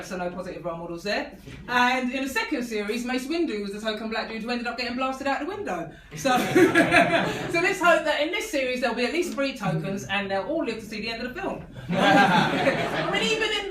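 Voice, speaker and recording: A high-pitched woman works through a stand-up set, laughing along with her own lines. She is caught from far back in a reverberant venue. Steady noise sits under her voice. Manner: laughs at her own jokes, many "I mean" fillers. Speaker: stand-up comedian. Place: comedy venue with live audience. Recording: echoey room recorded from afar, noisy.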